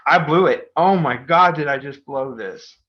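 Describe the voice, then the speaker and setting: A man voicing a frightened little boy, near tears, pleading in a high, panicky voice. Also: slow, full character voice. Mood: panicked. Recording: dull lo-fi podcast audio.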